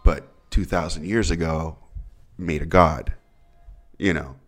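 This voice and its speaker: A man's voice: a bass voice, unhurried, a bit bright, faint music behind. A man co-hosting a podcast, talking casually in a rambling way with emphatic bursts. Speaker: podcast co-host. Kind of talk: casual chat.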